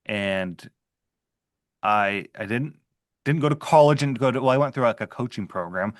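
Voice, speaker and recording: A man's voice: mid-range voice, moderate pace, no echo, studio quality. A man in an interview telling a workplace story in a casual, conversational way, often saying "like" and restarting his sentences. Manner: conversational, filler-heavy with frequent "like". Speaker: interview guest, former HR manager.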